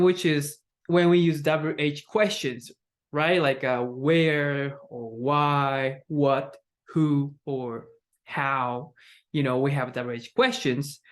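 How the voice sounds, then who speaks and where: A young adult English teacher, Japanese as first language, explaining intonation with frequent "like" and "right?" fillers and modeled example phrases. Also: mid-range voice. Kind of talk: online lesson on intonation.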